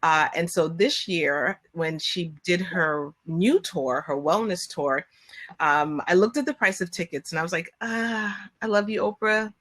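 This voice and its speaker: A woman chatting on a video call, telling a personal story at length. Her voice sits on the lower side. She gets animated and acts out quotes with sudden high-pitched bursts. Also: measured pace. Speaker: guest. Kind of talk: casual storytelling.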